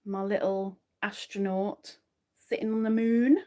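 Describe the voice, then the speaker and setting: Casual crochet streamer: woman, mid-pitched, slow and chatty, counts stitches quietly. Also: little pitch movement. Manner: chatty, murmurs stitch counts under her breath. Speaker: crochet livestream host. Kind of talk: casual chat to a live audience while crocheting.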